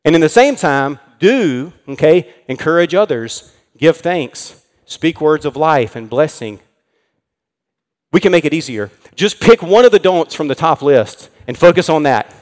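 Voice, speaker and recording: A man preaching an earnest sermon in a church, slowing down to stress key words. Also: fairly high pitch, expressive, darkish tone, big-room sound. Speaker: pastor.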